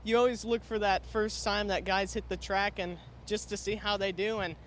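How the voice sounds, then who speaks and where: A man's voice: sits high, level tone, moderate pace, slight background noise. A young man reporting from a race garage, earnest and slightly breathless. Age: young adult. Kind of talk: casual interviewing.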